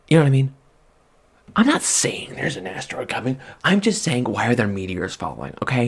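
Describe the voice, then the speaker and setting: A man rambling in soft-spoken ASMR chat at a close microphone, drifting from hushed murmurs to excited outbursts. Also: medium pitch, a little fast, gravelly. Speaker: vlogger.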